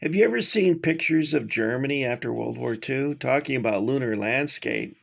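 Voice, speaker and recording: A middle-aged man casually showing his toy figures and rambling off on tangents with many pauses. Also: mid-range voice, expressive, creaky. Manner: rambling, digressive, many fillers. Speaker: toy collector reviewing figures. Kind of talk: casual show-and-tell.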